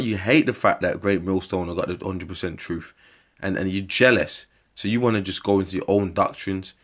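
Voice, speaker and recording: A man with a low voice preaches scripture in a loose, rambling way. He swears freely and calls his listeners bruv and mate. When he reads long biblical lists, he slows down and takes his time. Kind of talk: informal scripture preaching to camera.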